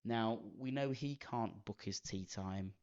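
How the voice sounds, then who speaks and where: A man's voice: on the low side, a little slow, a little mellow. A man, co-hosting a casual golf podcast and telling rambling, self-mocking stories. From Manchester, England. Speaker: podcast co-host. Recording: dull lo-fi podcast audio.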